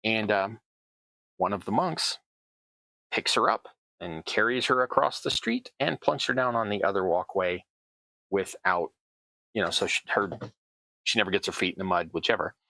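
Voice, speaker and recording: A man's voice: lowish voice, normal speed, gravelly, long pauses, pushed and bright, dry recording, poor audio. A middle-aged man with a Southern American accent chatting casually through a hobby crafting tutorial, rambling with self-deprecating asides. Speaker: host, terrain crafter.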